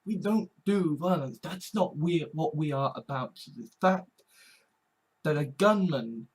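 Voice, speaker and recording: A man from Britain, talking earnestly in a halting personal monologue, repeating words and swearing often. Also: a little high, breathy edge, low-quality recording. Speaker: vlogger. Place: home.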